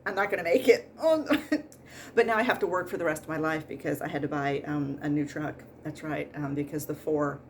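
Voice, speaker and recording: A woman's voice: low-pitched, fairly even intonation, a little fast, slight background noise. A woman in her forties, a nurse hosting a podcast, telling work stories in a casual comedic monologue with exasperated, laughing rants. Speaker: pre-surgery nurse and podcast host.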